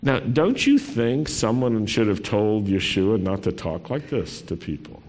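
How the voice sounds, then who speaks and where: A man's voice: fairly low pitch, sing-song, unhurried, a little mellow. A man preaching a sermon in a conversational style, reading scripture aloud with dramatic expression. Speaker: pastor. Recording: long reverb in a large hall.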